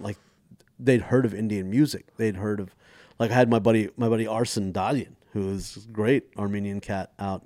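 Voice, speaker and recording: This podcast guest is a US comedian in his forties with a lowish voice, heard with no room sound. He tells stories casually and with animation, performing the voices of the people he quotes.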